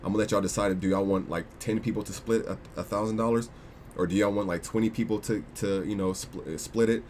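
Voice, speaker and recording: A man's voice: on the low side, steady tone, quick pace, a little mellow, slight background noise. A young man hosting a casual crypto livestream, rambling with lots of restarts and slangy asides.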